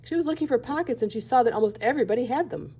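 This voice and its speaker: A woman teacher reading a children's picture book aloud with gentle expression. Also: a little high, expressive, rapid-fire, breathy edge. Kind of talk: children's storybook read-aloud.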